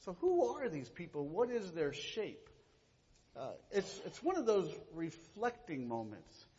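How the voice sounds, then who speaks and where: A man's voice: high-pitched, sing-song, a little slow, a little mellow, lo-fi sound. A middle-aged man co-leading a church workshop, sarcastic and joking, recorded in a church hall.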